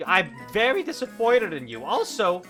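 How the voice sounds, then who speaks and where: A man voicing a nagging skeleton mother who scolds her son in a shrill, bossy voice. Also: wildly swooping pitch, normal speed, sharp tone, soft background music, full character voice. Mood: scolding.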